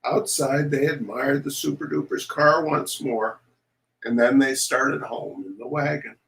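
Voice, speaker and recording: A man reading a children's story aloud to an audience, animated and showing pictures as he goes. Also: mid-range voice, measured pace, creaky, poor audio.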